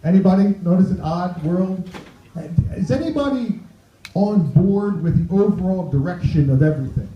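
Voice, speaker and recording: A man's voice: high-pitched, expressive, moderate pace. A man performing a stand-up set on a club stage, chatty, tossing asides to the crowd. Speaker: stand-up comedian. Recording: roomy, dull club recording.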